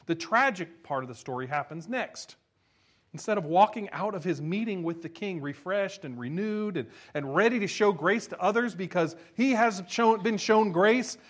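Male pastor, sermon, conversational, rhetorical asides, slightly high voice. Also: animated, normal speed, a bit bright.

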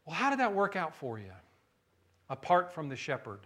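A man preaching a sermon, animated, swinging from hushed low lines to loud high bursts and often asking the listeners "right?". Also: a little fast. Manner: asks the audience questions, frequent "right?". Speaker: pastor.

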